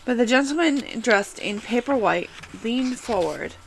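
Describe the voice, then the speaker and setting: A woman reading a classic storybook aloud, expressive, with small restarts now and then. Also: fairly high pitch, measured pace, creaky, slight background noise, low-quality recording. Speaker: reader.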